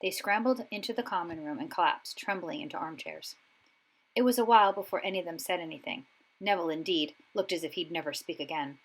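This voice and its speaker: A woman's voice: fairly low pitch, fairly quick, poor audio. Woman reading a storybook aloud. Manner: expressive, voices each character. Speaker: audiobook reader.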